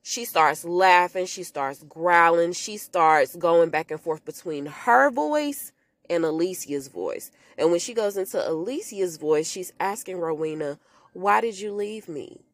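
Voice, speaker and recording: A woman tells a film's story to her listeners in a lively, chatty way, acting out lines as she goes. Her voice sits a little low, and the recording is dry and close with no room sound. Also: measured pace, no room sound. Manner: animated storytelling, talks to listeners as "y'all", acts out quotes in character voices. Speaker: podcast host recapping a film. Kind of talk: casual movie recap.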